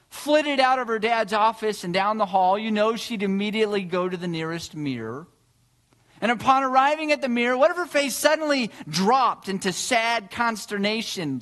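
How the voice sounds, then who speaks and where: A man's voice: high voice, a bit bright. A male pastor preaching a sermon, telling a story with earnest rhetorical questions.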